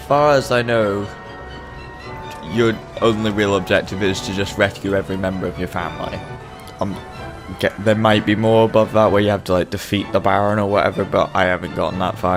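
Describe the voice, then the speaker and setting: A man's voice: low voice, gravelly. A man giving casual, joking, rambling commentary while playing a video game. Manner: joking, rambling, self-deprecating. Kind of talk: casual let's-play commentary.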